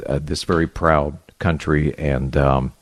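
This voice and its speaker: A man's voice: very deep voice, fairly even intonation, a little slow, no room sound. A man co-hosting a talk radio show, chatting in a conversational way with fillers. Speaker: radio co-host.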